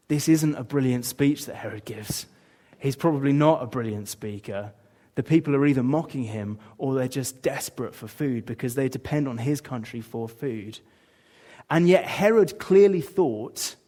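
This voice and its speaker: A man with an English accent preaching a sermon in a conversational way, dropping low for asides and briefly putting on mocking voices for quotes. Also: dark tone.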